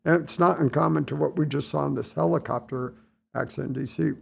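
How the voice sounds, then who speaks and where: A man in his sixties from the United States, telling stories in a relaxed interview, acting out what people said. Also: a little high, fast talker, creaky, husky. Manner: relaxed anecdotal storytelling, acts out dialogue. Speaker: podcast guest, retired Navy admiral. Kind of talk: casual storytelling interview.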